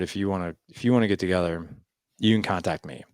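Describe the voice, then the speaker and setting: A man in his forties, a podcast guest, telling a personal story in an animated way and acting out what others said. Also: deep voice, fairly quick, pauses often, clear, resonant tone, no room sound, studio quality. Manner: animated storyteller, lots of "I was like" quotes. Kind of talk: storytelling interview.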